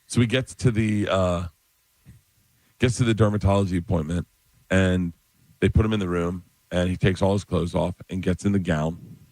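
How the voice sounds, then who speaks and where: Comedian in his 50s, low voice, lively storyteller, dry studio sound. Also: normal speed, no room sound. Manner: animated storyteller, acts out quoted voices in a higher pitch. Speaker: stand-up comedian guest. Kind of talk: storytelling on a radio show.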